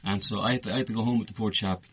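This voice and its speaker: An Irish man, co-host of a podcast, telling a story in casual chat, animated and swearing freely. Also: on the low side, racing, slight background noise. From Ireland.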